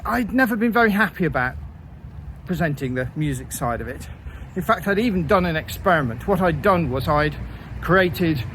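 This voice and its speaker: Man, casual storytelling, wry, self-deprecating, hesitant fillers, slightly high voice, faint noise behind. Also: fairly bright tone, low-quality recording. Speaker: vlogger telling his own story. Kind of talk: casual first-person storytelling.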